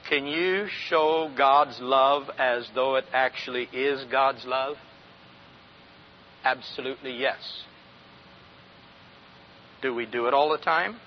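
A man's voice: medium pitch, slow, long pauses, a little hiss or hum. A man in his sixties preaching a folksy sermon, often asking the congregation questions and chuckling. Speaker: pastor. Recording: dull lo-fi recording.

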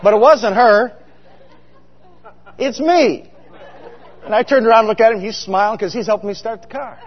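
A man's voice: sits high, moderate pace, some chatter behind. A middle-aged man preaching a humorous, story-filled sermon, often asking the congregation questions. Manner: chatty, asks the congregation questions. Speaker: pastor. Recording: dull sound with long hall reverb.

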